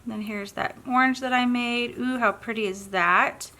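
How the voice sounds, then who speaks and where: A woman's voice: fairly high pitch, fairly even intonation, unhurried, sharp tone. Bubbly Southern woman chatting while painting. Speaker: craft tutorial host. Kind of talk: casual painting tutorial.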